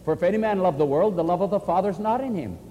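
A man preaching and answering questions, earnest and animated, often quoting scripture. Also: high voice, very fast, long reverb tail. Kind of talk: sermon-style question and answer.

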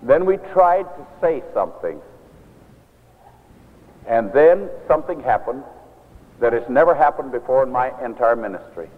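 A minister telling a story in a sermon, earnest and measured, often quoting scripture. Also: male voice, mid-range voice, animated. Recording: tinny lo-fi recording in an echoey hall.

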